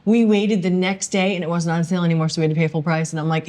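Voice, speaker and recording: Teasing woman with a low voice. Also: little pitch movement, rapid-fire, few pauses, a little mellow. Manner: teasing, laughs often. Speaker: podcast co-host. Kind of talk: casual chat.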